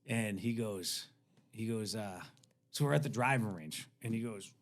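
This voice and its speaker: A man's voice: lowish voice, measured pace. Laughing storyteller man, middle-aged. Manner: animated, laughing storyteller doing voices of others. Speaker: guest. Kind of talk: casual storytelling. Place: podcast studio.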